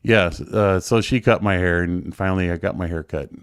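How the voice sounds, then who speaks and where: A man with a fairly low, smooth and resonant voice tells a hard personal story. He is blunt and profane, with rambling asides. The sound is dry and close. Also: moderate pace, dry recording. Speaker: guest sharing his story. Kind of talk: emotional casual storytelling. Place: joining a livestream remotely.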